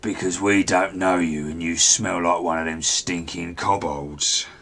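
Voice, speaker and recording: A bossy, sneering goblin guard with a low voice, lording it over his captive in a tabletop game, as the man running it puts him on. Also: steady tone, unhurried, gravelly, fairly bright tone, heavily acted. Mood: taunting. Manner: taunting, bullying.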